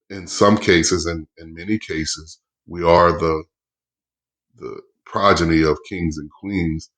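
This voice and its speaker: A man's voice: on the low side, fairly bright tone. A middle-aged man teaching history in an impassioned, preacherly way, full of rhetorical questions. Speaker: educator. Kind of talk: history lesson with commentary.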